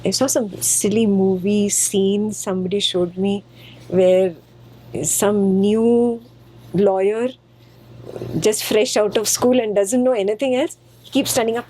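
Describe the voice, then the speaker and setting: A woman's voice: on the high side, moderate pace, mellow, slight background noise, rough recording. A woman teaching a spiritual text to her students. She is patient and playful and repeats phrases for emphasis.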